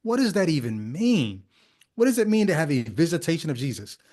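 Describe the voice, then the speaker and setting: A man's voice: fairly high pitch, sing-song, fairly quick, darkish tone. A man hosting a podcast, giving critical commentary on a video clip in a skeptical, conversational way full of rhetorical questions. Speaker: podcast host.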